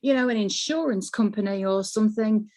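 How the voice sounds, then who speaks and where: A woman with a Manchester accent talks in a relaxed interview. Her voice sits in a middle register, and she speaks with animated, good-humoured energy, breaking into laughter often. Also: medium pitch, fairly quick. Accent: Northern English, Manchester. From north of England. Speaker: voiceover artist, guest. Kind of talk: casual interview chat.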